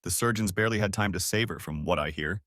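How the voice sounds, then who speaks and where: Man doing a smug smooth-talking rival. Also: sits low, fast, fairly bright tone, no echo, studio quality.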